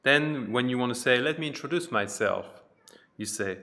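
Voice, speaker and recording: A man teaching a pronunciation lesson, repeating each phrase slowly and carefully, with chatty teaching asides. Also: medium pitch, steady tone, bright, forceful tone. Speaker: French teacher.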